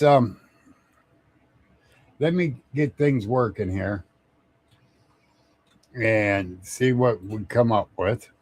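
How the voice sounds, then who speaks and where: A man from Ohio chats through a casual live stream in a lowish voice. He takes his time, drifting from one thought to the next and chuckling between greetings to his viewers. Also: darkish tone. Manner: rambling, chuckles often, greets chat viewers by name. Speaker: livestream host.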